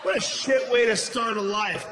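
A middle-aged man doing a stand-up comedy set, telling a story loudly and profanely with shouted bursts. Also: extremely high pitch, fairly even intonation, moderate pace, over a noisy crowd, very noisy. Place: comedy venue on stage. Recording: echoey live venue with ambience.

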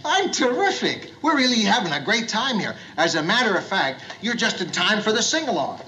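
A gruff, middle-aged boss who is straining to act like a jolly bar host, his voice pitched high for a man. It is a 1970s studio sitcom performance, heard on a hissy old TV soundtrack. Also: big pitch swings, fairly quick, pushed and bright, exaggerated voice, poor audio. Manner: forced, overeager cheerfulness.

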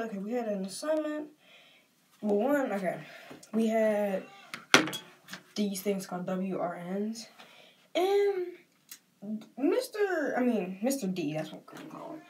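A woman's voice: mid-range voice, lively intonation, moderate pace, mellow, recorded from a distance, slight background noise. A young woman with a Southern US accent talks casually and emotionally while getting ready, rambling and saying "like" a lot. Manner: rambling and emotional, often says "like". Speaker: vlogger.

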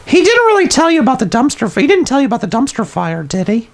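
Bouncy high-voiced woman joking through a game. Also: big pitch swings, fast, faint music behind. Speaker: let's play co-host. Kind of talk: playful gameplay banter.

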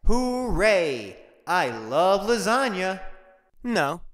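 A man's voice: sits high, sing-song, very slow, a bit bright, no room sound, studio quality, heavily acted. A man voicing a goofy, clueless young man who rambles with easy self-assurance. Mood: rambling.

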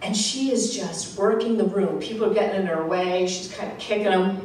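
A woman with a Rhode Island accent tells a story to a live crowd, lively and self-mocking, often breaking into laughter. Her voice sits at an ordinary middle pitch. It is caught from far off in a very echoey venue, with a faint hiss behind her. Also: moderate pace. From Rhode Island, USA.

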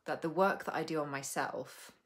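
Low-voiced woman chatting on a live stream. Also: normal speed. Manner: chatty and rambling, laughs often, swears casually. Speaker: coach hosting a live stream. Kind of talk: casual live stream chat.

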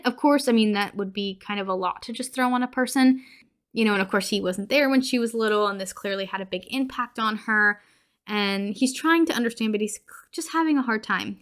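A chatty young woman recaps a horror film for her podcast in an easy, conversational way. She laughs often and slips into quick quoted lines for each character. Her voice sits at a middle pitch for a woman. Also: a bit bright. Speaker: podcast host. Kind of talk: casual movie recap.

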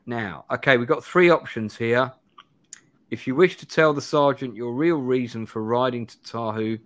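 A man in his forties hosting a live play-through, reading a gamebook aloud with restarts and asides. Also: mid-range voice. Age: 40s.

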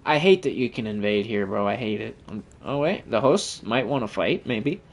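A man's voice: on the low side, animated, moderate pace, a little hiss or hum. A man giving profane, trash-talking commentary over his own gameplay as the channel host.

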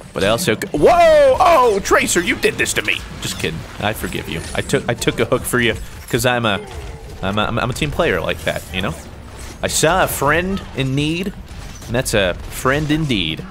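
A young man giving playful, jokey commentary over his own gameplay, swinging between excited yelps and mock-serious asides. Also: mid-range voice. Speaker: gaming YouTuber.

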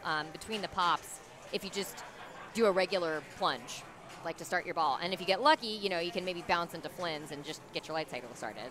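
A woman giving casual play-by-play commentary on a pinball tournament and chatting about strategy. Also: on the low side. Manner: chatty, quick reactions, lots of fillers.

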